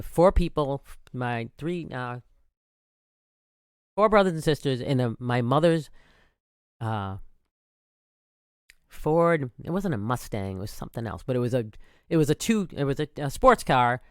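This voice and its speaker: A man's voice: medium pitch, expressive, measured pace, pauses often, clean tone, no echo, clean studio sound. A man around sixty hosting a podcast, talking in a casual, rambling monologue full of restarts and self-corrections. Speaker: podcast host.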